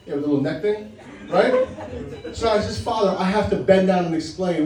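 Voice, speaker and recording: A man's voice: high-pitched, lively intonation, a little fast, darkish tone, echoey room, distant mic, low-quality recording. A man performing a stand-up set, teasing and punchy, who keeps checking in with "right?". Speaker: stand-up comedian.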